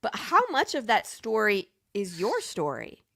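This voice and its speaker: A woman hosting a live chat show, bubbly and quick to laugh, reading viewer comments as she goes. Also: mid-range voice, huge pitch swings, vocal fry, a bit bright. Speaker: host. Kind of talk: casual live-stream chat.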